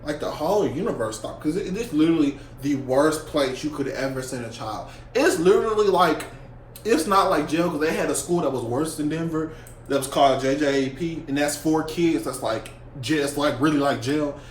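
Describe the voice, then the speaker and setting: Young man, slightly high voice, lively profane storyteller, roomy echo. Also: moderate pace. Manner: profane, animated storytelling with slang. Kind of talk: casual storytime vlog. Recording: echoey room with faint hum.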